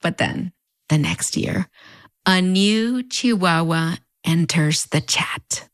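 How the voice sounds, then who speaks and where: A woman's voice: on the low side, takes it slowly, no echo, studio quality. A woman with a fronterizo border accent, narrating a scripted video essay in a wry, conversational way with playful sarcastic asides. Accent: fronterizo Mexican border Spanish-influenced English.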